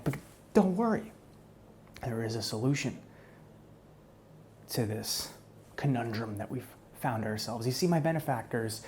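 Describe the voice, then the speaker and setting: A man voicing a smug, menacing male hitman in a whispered role-play, taunting his captive in a soft, close voice. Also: mid-range voice, a little hiss or hum, close to an everyday voice. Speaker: ASMR role-play performer.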